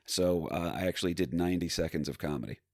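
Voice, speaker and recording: A man's voice: deep voice, fast, no room sound, studio quality. A man from New Jersey, a stand-up comedian, telling rambling stories full of fillers and restarts. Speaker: stand-up comedian, podcast guest. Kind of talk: casual storytelling.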